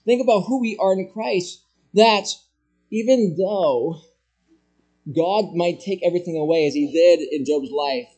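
Male pastor in his sermon, a little high-pitched, emphatic, loud-to-soft swings, rhetorical questions. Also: a little slow.

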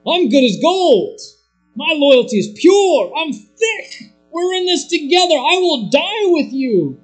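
A brash, overconfident Peter, as a preaching man puts him on, booms out slow, pitched-up declarations. His loyalty is proclaimed loudly and at length. The boasts swell well above the speaker's usual level. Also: very animated, soft background music, exaggerated voice. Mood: boastful. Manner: loud, cocky, drawn-out declarations.

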